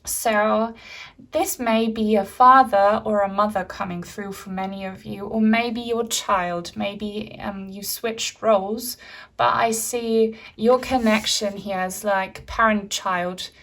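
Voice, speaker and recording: Gentle rambling woman reading tarot. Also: mid-range voice, fairly even intonation, slow pace. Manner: gentle, rambling, many fillers and soft laughs. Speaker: tarot reader. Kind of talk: pick-a-card tarot reading.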